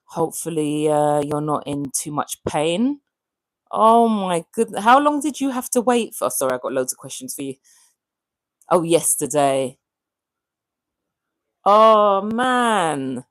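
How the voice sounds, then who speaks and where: A woman's voice: fairly low pitch, no room sound. A woman hosting a casual livestream from home, chatting with viewers and reading their messages aloud, asking lots of friendly questions. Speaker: livestream host. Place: home room with a fan running. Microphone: desk microphone.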